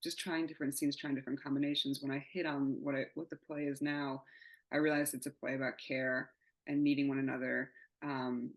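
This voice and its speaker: Low-voiced candid woman playwright. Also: flat delivery, brisk, poor audio. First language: not English. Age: 30s. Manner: candid, rambling, laughs often and swears. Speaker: playwright guest. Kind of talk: casual interview chat.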